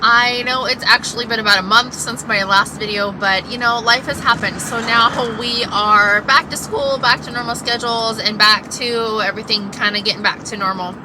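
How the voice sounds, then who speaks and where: A woman's voice: on the high side, moderate pace, hardly any pauses. Chatty woman vlogging from her car. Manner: candid, excitable, rambling. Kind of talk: casual chatty update. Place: inside a car. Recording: car noise behind voice.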